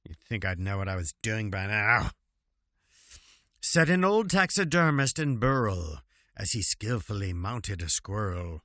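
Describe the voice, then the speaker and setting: Man reading bawdy verse, lively, slow. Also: fairly low pitch, no room sound, studio quality. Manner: chuckling, wry asides between verses. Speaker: reader. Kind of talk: reading limericks aloud with asides. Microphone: home recording setup.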